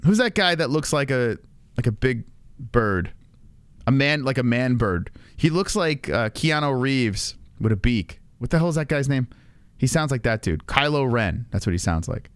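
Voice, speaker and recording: A man's voice: mid-range voice, expressive, normal speed, clear, resonant tone, dry recording. A man hosting a livestream, reacting to a clip with crude, mocking commentary and frequent laughter. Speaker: livestream host.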